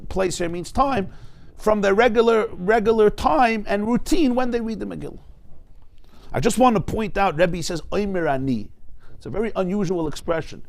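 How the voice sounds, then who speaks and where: A man with a fairly high voice teaches a Talmud class. He talks straight to his students, firing rhetorical questions and swinging from loud, emphatic bursts to soft asides. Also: big pitch swings, normal speed, vocal fry.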